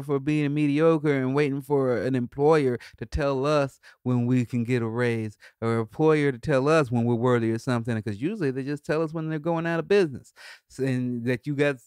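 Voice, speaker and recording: A man talking loosely into a close podcast mic, rambling and cursing in an easygoing way. His voice sits fairly high for a man and comes through smooth and resonant. The sound is dry, with no room echo. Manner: laid-back, rambling, swears freely; bursts into high laughs. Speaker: podcast host. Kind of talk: casual solo monologue.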